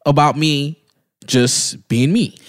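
A man's voice: a little high, slow. A young man, co-hosting a casual chat, playful and full of questions. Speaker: podcast co-host.

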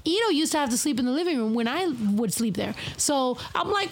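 Animated young woman telling stories. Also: high voice, fairly quick. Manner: slangy, profane, animated, laughing often. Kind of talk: casual chat, storytelling.

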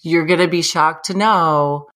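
A woman in her thirties telling a funny personal story in casual chat, animated and self-mocking, laughing often. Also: low voice, measured pace.

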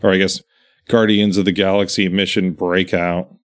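A man with a fairly low voice talks in an easygoing, meandering way, piling up details with real enthusiasm. It sounds like an unscripted podcast chat between friends. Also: level tone, moderate pace. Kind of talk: casual chat.

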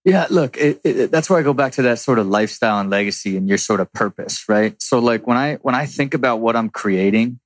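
A man's voice: medium pitch, animated, brisk, few pauses, no room sound. A man in his forties answering audience questions in a loose, rambling way, swearing freely and acting out little quotes. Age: 40s. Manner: profane, rambling, acts out quotes. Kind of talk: casual Q&A talk.

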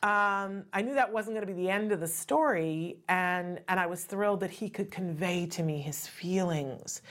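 A woman's voice: on the low side, normal speed, a bit bright. A middle-aged woman hosting a talk show, speaking earnestly and conversationally and often checking in with "right?". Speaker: host. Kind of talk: casual talk show monologue.

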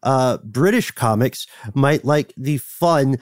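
A man of medium pitch talks in a joking, lively way, breaking into laughs between points. It sounds like a relaxed podcast conversation, recorded close and dry with no room echo. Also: takes it slowly. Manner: jokey, animated, laughs often. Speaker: podcast co-host. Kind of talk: casual chat.

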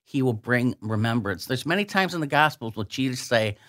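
Male radio guest, mid-pitched, slow and emphatic when reading verses. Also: animated, fairly bright tone. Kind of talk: explaining scripture on a radio talk show.

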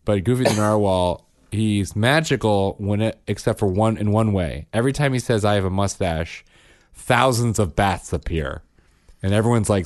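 A man chatting casually as a podcast co-host and parent, telling animated stories about his kids, acting out their voices and laughing often. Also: fairly low pitch, moderate pace, no echo, clean studio sound. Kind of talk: casual chat.

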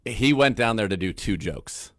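A man's voice: lowish voice, expressive, moderate pace, a bit bright, no room sound, clean studio sound. A man co-hosting a sports radio show, making blunt, emphatic points in casual chat. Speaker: co-host.

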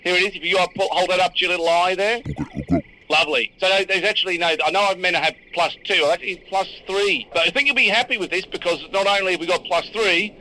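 A man's voice: sits high, fast talker, pushed and bright, poor audio. A male podcast host in improvised comedy role-play, chatty, cheeky and blustering as he talks his way past a guard.

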